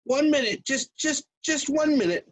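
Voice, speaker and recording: In a stage-acting clip recorded roughly, a performer plays a nervous, hypochondriac 35-year-old male suitor who stammers and hesitates in a flustered way. The voice sits high, with a natural quality and normal speed.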